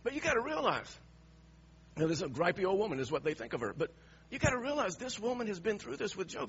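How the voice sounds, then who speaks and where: A man's voice: high-pitched, sing-song, fast talker, husky. Emphatic preacher, man, dull recording. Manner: preaching with big swings between hushed and raised, emphatic lines. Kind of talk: sermon.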